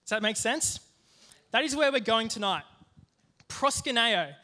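A young man giving a youth sermon, telling a personal story in a lively, joking way with plenty of asides. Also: extremely high pitch, measured pace. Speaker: youth group speaker.

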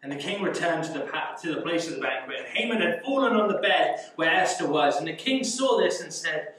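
A young man leads a youth Bible study in a slightly high voice, firing off rhetorical questions with an easy chuckle. He is heard from well away from the mic. The room around him is very echoey. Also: animated, fairly quick, hardly any pauses, fairly bright tone, distant mic, slight background noise.

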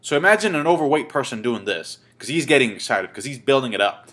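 A man's voice: medium pitch, lively intonation, fast talker, fairly bright tone. A man in his twenties telling a casual story to camera, rambling and swearing, with many fillers and restarts. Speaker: vlogger.

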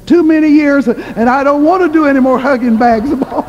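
A woman doing a patient loving husband, calm and coaxing, high soft voice, hall echo. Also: a little fast, highs cut off, close to an everyday voice. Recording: long hall reverb.

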